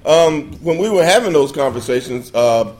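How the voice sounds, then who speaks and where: A man's voice: on the high side, animated, normal speed, a little mellow. Earnest man answering press questions. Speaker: actor on a press panel.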